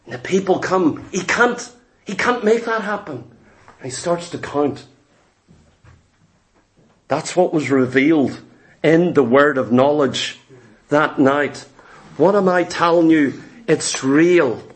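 Man, middle-aged, high-pitched, emphatic church sermon. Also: slow pace, long pauses. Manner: storytelling, emphatic, repeats phrases. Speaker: preacher.

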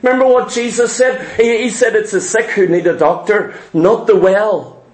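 A man's voice: high voice, normal speed, rough recording. A man preaching a sermon, repeating key words and asking the congregation questions.

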